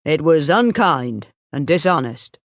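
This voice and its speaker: A woman reading the lines of a steady, honest young male shepherd, speaking calmly and plainly. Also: deep voice, a little slow, no echo, studio quality. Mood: firm. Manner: calm, firm and plain.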